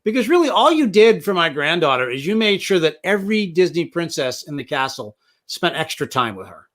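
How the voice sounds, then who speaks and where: An older man hosting an interview, telling stories at length with lively enthusiasm. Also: a little high, fairly quick. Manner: rambling storyteller, enthusiastic. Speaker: interview host. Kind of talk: casual interview talk.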